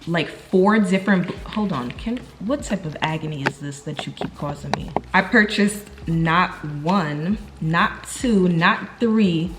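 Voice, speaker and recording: A young woman with a New York accent talks casually to her camera, slangy and chatty, calling her viewers "y'all" in spirit. Her voice sits somewhat low for a woman. A faint ambient hum of the room is audible behind her. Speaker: vlogger.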